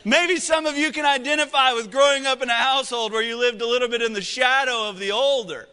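A man preaching a sermon as pastor, swinging from loud, excited lines to hushed, slow ones. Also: very high-pitched, clean tone, in a large hall.

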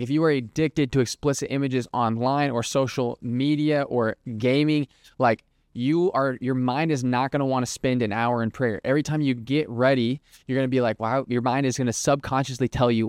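A man's voice: mid-range voice, no echo, studio quality. A young man hosting a Christian podcast, talking casually with lots of fillers and acting out made-up quotes. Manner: conversational, filler-heavy, lots of "like", acts out hypothetical quotes. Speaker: podcast host. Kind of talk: casual Christian teaching monologue.

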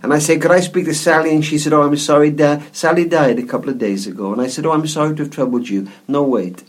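Gentle reflective male storyteller. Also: a little high, quick pace. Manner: gentle, reflective storyteller who repeats words as he goes. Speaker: guest author and speaker. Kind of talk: storytelling in an interview.

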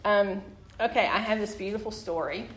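A woman in her forties preaches and weaves in a personal story, speaking directly to her listeners. Her delivery is animated, and her voice sits at a middle pitch. The sound is roomy and echoey, with a faint hiss of background noise. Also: moderate pace. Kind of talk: sermon with personal testimony.

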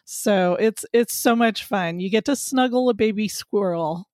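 A woman from California answering interview questions as a guest author, friendly and relaxed as she tells stories. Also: medium pitch, unhurried, no echo, clean studio sound. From California, USA.

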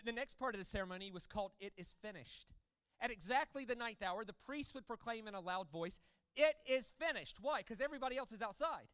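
A man preaching a sermon, teaching with animated delivery that swells into loud proclamations. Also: sits high, clear, resonant tone, no room sound. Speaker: pastor.

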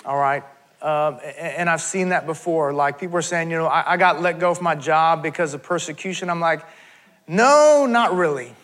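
Male pastor, high bright voice, conversational sermon with casual asides. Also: level tone, brisk. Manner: conversational preaching with asides and self-corrections. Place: church.

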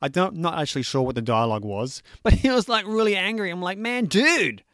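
A man with a high, light voice retells a film's plot in a loose, chatty way, joking along as he goes. The sound is close and dry, with no room around it. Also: fast talker, no echo. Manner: animated, chatty, jokey storytelling with fillers. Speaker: movie recapper. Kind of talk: casual movie recap.

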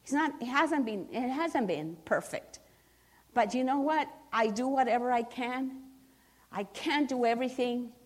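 A woman's voice: on the high side, measured pace. A middle-aged woman speaking earnestly as she gives a personal testimony at a church service, often restarting her sentences for emphasis. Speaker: church member giving testimony.

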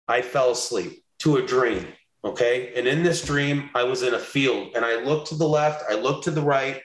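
A young man gives a heartfelt personal testimony in an interview, slipping into the voices of people he quotes. His voice sits at an ordinary pitch, and the recording carries a noticeable room echo. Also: a bit bright. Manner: earnest storytelling, acts out quoted voices. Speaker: interview guest. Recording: roomy echo.

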